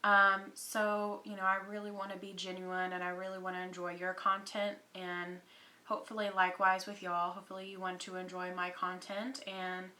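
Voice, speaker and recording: Chatty Texan woman with a bright voice. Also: lowish voice, flat delivery, normal speed, low-quality recording. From Texas. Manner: chatty, many fillers, says y'all. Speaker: beauty YouTuber. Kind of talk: casual chat to camera.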